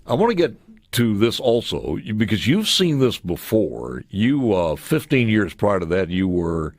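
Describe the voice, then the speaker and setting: A man's voice: on the low side, sing-song, measured pace, dry recording, clean studio sound. A man hosting a radio talk show, asking short conversational questions. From United States. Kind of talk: radio interview.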